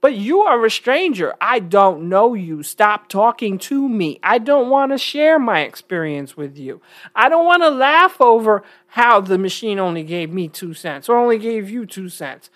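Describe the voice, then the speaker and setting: A woman's voice: medium pitch, very animated, unhurried, a bit bright. A woman from New York talking casually to her viewers, blunt and emphatic, with frequent chuckles. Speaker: vlogger. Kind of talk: casual talk to camera.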